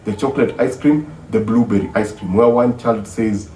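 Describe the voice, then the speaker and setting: Man, casual film-plot retelling, animated storyteller, mellow dark tone, echoey room, distant mic. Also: fairly low pitch, moderate pace, a little hiss or hum. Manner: animated storyteller who acts out the dialogue. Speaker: film reviewer. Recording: roomy, distant mic, faint ambience.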